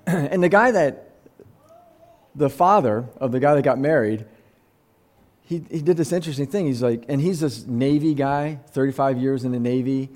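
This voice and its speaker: A man's voice: mid-range voice, normal speed, darkish tone. A man preaching a conversational sermon, earnest and close to tears, often restarting his sentences. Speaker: pastor.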